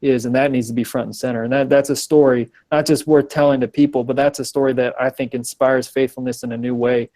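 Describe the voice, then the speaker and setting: A man in his thirties telling a personal story as a guest in a casual video-call interview, animated, with frequent ums and restarts. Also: medium pitch, quick pace, hardly any pauses.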